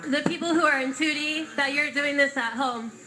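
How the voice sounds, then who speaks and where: A woman's voice: high voice, brisk, over music. A woman teaching a live dance class in virtual reality, upbeat, chatty and encouraging, a little out of breath, speaking into a VR headset mic. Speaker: dance instructor.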